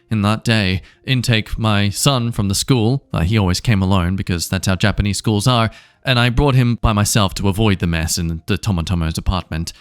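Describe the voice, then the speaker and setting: A man's voice: on the low side, clean tone, no room sound. A man, his voice worn and giving out, reading online stories aloud with plain, wry commentary as a channel host.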